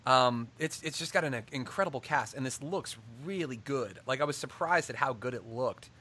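A man's voice: medium pitch, lively intonation, normal speed, sharp tone. A man hosting a casual podcast chat, telling stories animatedly and laughing often.

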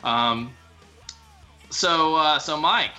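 A man's voice: a little high, very slow, sharp tone, dull audio, faint music behind. A man co-hosting a casual podcast chat, teasing and a little hesitant. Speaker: podcast co-host.

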